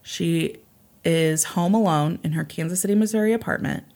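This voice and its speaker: Woman w a lowish voice telling a crime story to her cohost, animated, acts out the quotes. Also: moderate pace. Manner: animated, acts out quotes with raised pitch, swears casually. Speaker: podcast host telling a true crime case. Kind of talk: casual true crime storytelling.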